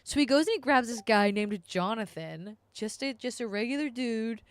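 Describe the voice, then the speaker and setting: A woman streamer telling a story to her live chat in a casual, animated way, swearing freely and sounding exasperated. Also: fairly high pitch, moderate pace.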